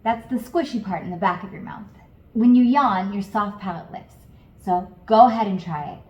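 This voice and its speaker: A woman's voice: medium pitch, moderate pace. Encouraging woman singing teacher, roomy sound. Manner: calm, encouraging step-by-step coaching with demonstrations. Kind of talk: guided vocal lesson.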